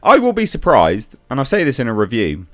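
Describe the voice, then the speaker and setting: A man's voice: mid-range voice, huge pitch swings, a little fast, a bit bright, soft background music. A man giving a blunt, exasperated casual review rant, with frequent restarts and swearing.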